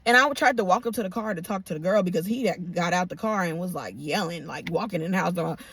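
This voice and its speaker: A young woman in her twenties telling a storytime tale in a casual, profane, animated way, acting out her own outbursts. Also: fairly low pitch, quick pace, slight background noise.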